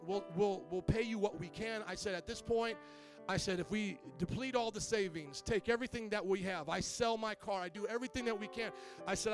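A man preaching as a pastor, telling a personal story and acting out what others said in changing voices. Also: high-pitched. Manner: animated, acts out quotes with shifting voice. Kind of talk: sermon storytelling.

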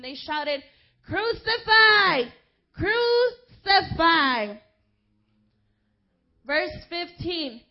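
High-voiced woman preaching a lively sermon. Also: highs cut off. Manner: impassioned, rising to shouts when quoting crowds; casual asides to the congregation.

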